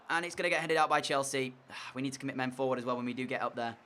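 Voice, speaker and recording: Excitable young gaming commentator. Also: male voice, on the high side, very fast, few pauses. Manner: swings from frustrated muttering to shouted excitement. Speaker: gaming YouTuber. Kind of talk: game commentary.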